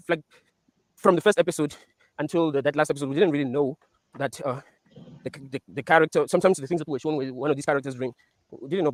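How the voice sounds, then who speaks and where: Swearing a lot and laughing while he goes over scenes from a series, a man rants casually and animatedly, also musing on dreams. His voice is on the high side, and there's no echo.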